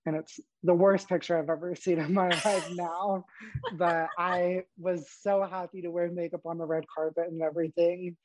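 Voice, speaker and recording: A young man on a podcast candidly relates personal stories, animated throughout, laughing often and acting out what people said. His voice sits high at normal speed, against a noisy background.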